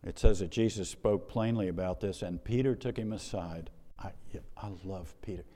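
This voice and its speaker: A male pastor delivers a lively, conversational sermon, building lines through repetition and playful asides. His voice is fairly low and warm. A long reverb from a large church hall trails after him. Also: normal speed.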